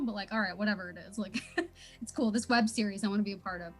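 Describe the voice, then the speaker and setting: A woman's voice: mid-range voice, lively intonation, quick pace, pushed and bright, faint music behind. A young woman telling a story in a casual interview, bubbly and laughing often, full of fillers. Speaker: voice actor guest.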